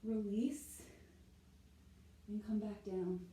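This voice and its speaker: A yoga teacher runs a class, speaking while she shows the poses and regularly asking "right?", a bit out of breath. She draws out her words in a dark-toned, medium-pitched voice. The low-quality recording is echoey, with slight background noise.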